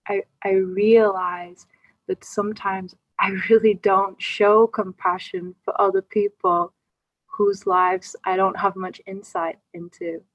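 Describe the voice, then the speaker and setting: A woman's voice: medium pitch, level tone, slow, no echo. A woman in a group video call sharing a personal reflection, hesitant, often stopping and restarting. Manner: hesitant, with many fillers and restarts. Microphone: computer mic on a video call. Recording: slightly dull video-call audio.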